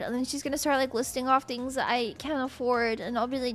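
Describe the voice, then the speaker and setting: A woman's voice: high voice, fairly even intonation, a little fast, a bit bright, faint music behind. A woman streamer rambling through a comic monologue, full of fillers and crude words.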